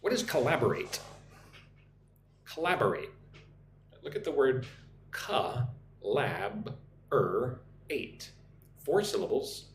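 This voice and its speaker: American man, english teacher, livestream lesson, animated pitch, roomy room, faint hum. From United States. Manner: reads viewer comments aloud and explains vocabulary; drills pronunciation slowly, syllable by syllable. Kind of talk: live online English lesson. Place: home room with a loud air conditioner.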